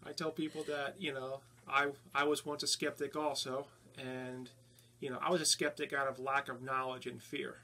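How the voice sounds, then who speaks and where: A man from New Jersey with a North Jersey accent, a paranormal investigator telling of his investigations in a halting way with many fillers. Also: mid-range voice, level tone, bright, forceful tone. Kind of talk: casual interview talk.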